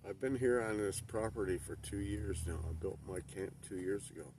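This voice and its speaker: A middle-aged man from Newfoundland with an Ontario Canadian accent, chatting in a relaxed, rambling way with many hesitations at his campsite. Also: fairly low pitch, normal speed. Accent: Ontario Canadian, faint Newfoundland. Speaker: camping vlogger. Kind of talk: casual chat. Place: outdoor campsite in the woods. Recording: distant outdoor mic with faint noise.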